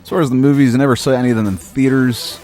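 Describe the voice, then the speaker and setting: Talking rapid-fire in a steady, dark-toned, medium-pitched voice, the host narrates a retro let's-play over soft background music. He's a Maine man in his thirties, rambling along with wry, profane remarks.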